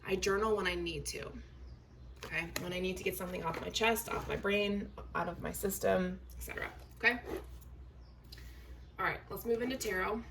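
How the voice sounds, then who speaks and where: A woman's voice: medium pitch, normal speed. A woman giving a casual tarot reading to her viewers, chatty and reassuring, often checking in with "okay?". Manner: chatty, reassuring, filler words, addresses viewers directly. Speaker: tarot reader. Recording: slightly distant mic with faint noise.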